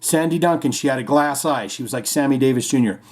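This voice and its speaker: A medium-pitched man talks quickly as he hosts a relaxed music podcast, reading out listener comments. He wanders off on tangents, cracks jokes, and uses goofy voices to land punchlines.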